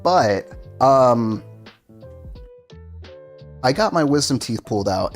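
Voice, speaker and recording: A man streaming a game, telling a story casually and laughing often through it in a loose, self-mocking way. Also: lowish voice.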